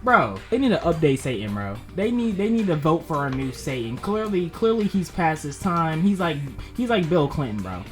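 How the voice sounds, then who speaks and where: A woman's voice: deep voice, very animated, normal speed, hardly any pauses, faint music behind. A woman co-hosting with comedic commentary, riffing exclamatorily with slang and laughter. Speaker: co-host.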